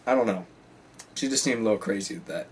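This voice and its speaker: A man's voice: fairly low pitch, fast talker, distant mic, a little hiss or hum. A teenage boy casually telling stories about his school day, rambling with lots of "like" and "you know.". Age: teens. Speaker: high school student. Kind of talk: casual storytelling.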